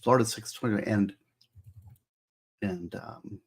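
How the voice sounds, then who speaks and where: Husky man musing with his live chat. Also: on the low side, slow pace. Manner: musing aloud, asking chat for opinions. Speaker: author hosting a livestream. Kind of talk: casual livestream chat with viewers.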